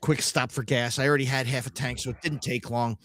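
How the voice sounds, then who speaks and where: A man's voice: mid-range voice, fairly even intonation, fairly quick, a bit bright. A middle-aged man co-hosting a podcast, telling a road-trip story casually, swearing and making sound effects. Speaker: podcast co-host.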